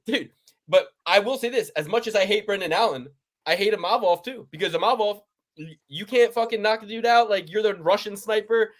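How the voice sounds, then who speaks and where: Higher-pitched man ranting with profanity. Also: normal speed. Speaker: podcast co-host. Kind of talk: casual chat.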